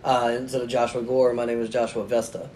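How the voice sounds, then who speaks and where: A man's voice: mid-range voice, little pitch movement, brisk, a little mellow, slight background noise. A man talking as a podcast guest, telling a story in a casual, self-mocking way and laughing often.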